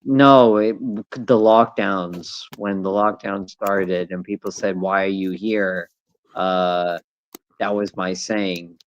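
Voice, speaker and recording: A man's voice: on the low side, fairly even intonation, slow pace, muffled recording. A man talking casually on a streaming panel, rambling and swearing as he tells stories. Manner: rambling, profane, trails off. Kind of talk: casual chat.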